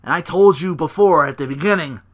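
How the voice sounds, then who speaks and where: A man's voice: sits high, sing-song, voice pushed up, full character voice. A man doing a furious ranting wrestler. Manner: ranting, cursing, drawn-out yells. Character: furious young male wrestler berating his partner.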